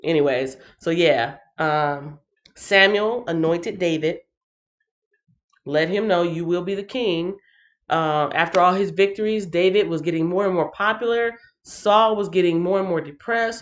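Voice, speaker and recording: A woman's voice: lowish voice, moderate pace, highs cut off. A woman hosting a Bible reading livestream in a playful, chatty way, laughing often and talking straight to her viewers. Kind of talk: casual livestream chat.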